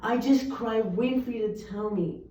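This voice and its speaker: A woman's voice: a little high, moderate pace, warm tone. A young woman reciting poems earnestly, with emphatic delivery. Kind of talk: poetry recitation. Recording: echoey, distant, muffled room recording.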